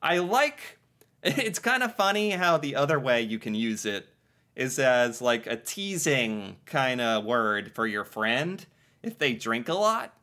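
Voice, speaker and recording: A man's voice: mid-range voice, big pitch swings, slow pace, sharp tone. A man chatting casually about slang, laughing often and thinking aloud as he goes. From United States. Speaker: co-host.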